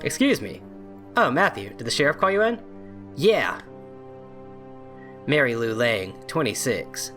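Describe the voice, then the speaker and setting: A man streams a game from his home mic, with faint game music playing behind him. His voice is lively and bright, and he jokes and grumbles sarcastically while reading the text aloud and getting lost in the menus. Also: medium pitch, a little slow, long pauses. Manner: joking, sarcastic asides; flustered and exasperated with the game menus. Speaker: let's play host.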